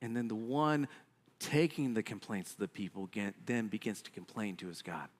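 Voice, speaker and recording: A man's voice: fairly low pitch, moderate pace. A man preaching a sermon as pastor, telling the story conversationally with frequent asides and acting out the voices of the people he describes. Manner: animated storytelling, acts out quoted complaints. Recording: long hall reverb.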